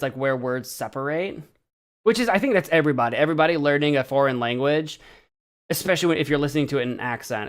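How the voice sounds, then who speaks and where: A young man from the American Midwest chatting casually on a live stream, self-deprecating and stumbling over Spanish words as he practices. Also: a little high. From central Illinois, US.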